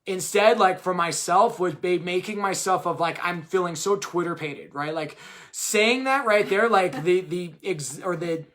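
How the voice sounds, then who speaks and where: A man's voice: high-pitched, unhurried, a bit bright. A man co-hosting a live video chat, talking casually and rambling, full of "like" and "right?". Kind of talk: casual live-stream talk.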